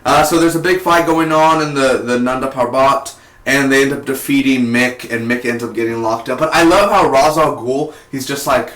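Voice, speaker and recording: A young man casually reviewing a TV episode, rambling and excitable, with lots of "like" and "man". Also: medium pitch, moderate pace. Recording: echoey room.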